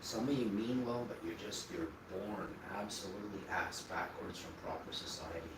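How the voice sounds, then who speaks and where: A man's voice: low-pitched, normal speed. Rambling man, distant and roomy. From Manitoba, Canada. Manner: blunt, loose and rambling, with off-hand swearing. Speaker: vlogger. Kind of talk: casual rambling monologue to camera. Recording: roomy, distant mic, noisy background.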